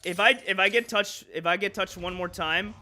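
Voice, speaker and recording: A young man streaming gameplay, joking with chat and breaking into sudden shouts. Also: high voice, fairly even intonation, normal speed. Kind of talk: live gameplay commentary.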